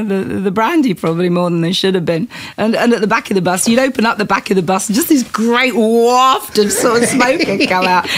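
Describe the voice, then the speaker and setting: A woman's voice: on the high side, slight background noise. A woman in her fifties, a singer interviewed about her touring days, talking frankly and laughing often. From England. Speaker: guest singer. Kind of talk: conversational interview.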